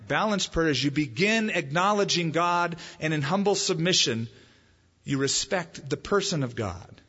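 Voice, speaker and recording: A man preaching a sermon as pastor, in a conversational style with lively emphasis. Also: on the high side, a little slow, slightly rough. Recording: muffled, echoey hall.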